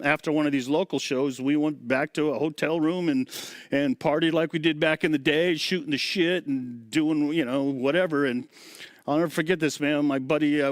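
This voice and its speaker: A man's voice: a little high, no echo, clean studio sound. Chatty man telling road stories. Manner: animated, chatty, often says "man". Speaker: guest, touring drum tech. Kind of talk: casual interview storytelling.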